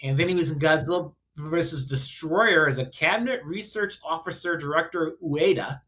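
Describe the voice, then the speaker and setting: A man in a casual podcast chat about films, recalling facts in a halting way with many fillers. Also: on the high side, sharp tone. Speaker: podcast co-host.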